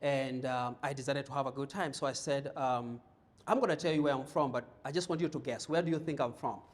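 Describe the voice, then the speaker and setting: A man's voice: medium pitch, fairly even intonation, brisk. A middle-aged man from Kenya with a Kenyan accent, giving a humorous leadership keynote to a live audience, telling stories and often repeating words as he starts a thought. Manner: storytelling, jokey, repeats words when starting. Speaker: keynote speaker. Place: conference room with audience.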